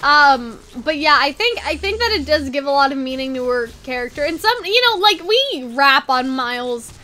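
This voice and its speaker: A woman's voice: sits high, animated, fairly quick, pushed and bright. A woman host losing her voice, casually rambling through an analysis and asking 'you know what I mean' over and over.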